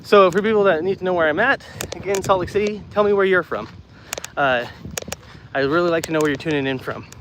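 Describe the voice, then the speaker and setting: A man's voice: high voice, brisk, a bit bright. Winded guy rambling to chat on an outdoor walk, phone mic, a bit of background noise. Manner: loose, repeats himself, chatty with viewers. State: out of breath from walking. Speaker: streamer doing a walking livestream. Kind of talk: casual chat reading live comments. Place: outdoors walking on gravel. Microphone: phone mic, no external mic.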